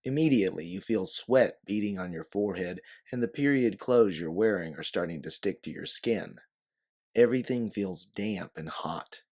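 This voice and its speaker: Low-voiced male storyteller. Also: moderate pace. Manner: steady, descriptive storyteller. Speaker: narrator. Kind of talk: second-person audiobook narration.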